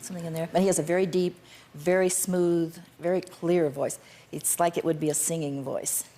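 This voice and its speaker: A woman's voice: fairly low pitch, steady tone, fairly quick, mellow. An older woman being interviewed as a talk show guest, answering in a firm, emphatic way.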